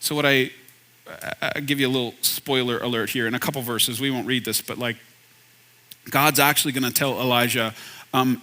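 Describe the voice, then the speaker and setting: Bright-voiced pastor preaching casually. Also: male voice, mid-range voice, steady tone, moderate pace. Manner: conversational, self-deprecating, asks the audience questions. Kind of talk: sermon. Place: church hall.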